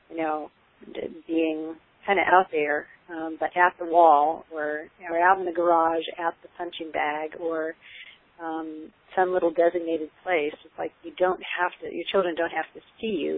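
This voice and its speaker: A woman giving earnest, explanatory parenting advice in casual conversation, often pausing with ums and restarting her sentences. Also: deep voice. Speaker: parenting expert guest. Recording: tinny phone-like line.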